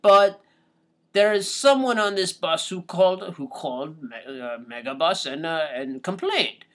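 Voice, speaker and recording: Lower-voiced woman, chatty and halting. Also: animated. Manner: halting, repeats words, acts out chants. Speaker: podcast co-host. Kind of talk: casual conversation.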